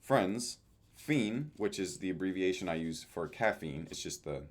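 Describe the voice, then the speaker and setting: Young man, low voice, casual journal read-through, dry asides, lots of uhs, faint background noise. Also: expressive, measured pace. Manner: offhand, dry asides, frequent "uh" fillers. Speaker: vlogger. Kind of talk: casual reading of journal entries.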